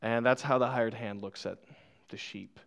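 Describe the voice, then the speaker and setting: A man's voice: medium pitch, steady tone, normal speed, creaky, a bit bright. A young man preaching a sermon, telling a funny childhood story and laughing often at himself before turning to scripture. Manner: playful, laughs often, self-deprecating. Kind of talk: sermon with personal stories. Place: church.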